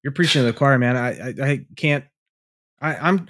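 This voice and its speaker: A man's voice: medium pitch, normal speed, a bit bright. A man co-hosting a podcast in casual chat over a remote call from his garage, laid-back and loose. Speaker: podcast co-host.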